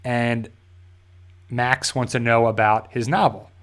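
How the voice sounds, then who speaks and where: A man's voice: medium pitch, steady tone, fairly bright tone. Rambling man recapping a TV episode. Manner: rambling, filler-heavy retelling with quick character quotes. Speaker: host of a TV review channel. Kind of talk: casual recap and review.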